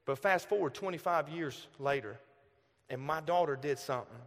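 A man in his thirties with a Southern accent, preaching a storytelling sermon, animated, swinging from loud bursts to hushed asides. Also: sits high, brisk. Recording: long hall reverb.

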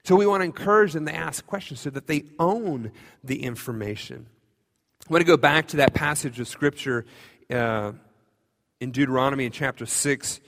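Joking pastor preaching in a reverberant hall. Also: male voice, medium pitch, normal speed, vocal fry, fairly bright tone. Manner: conversational, self-deprecating humor. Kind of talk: sermon. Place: church sanctuary. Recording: long reverb of a church hall.

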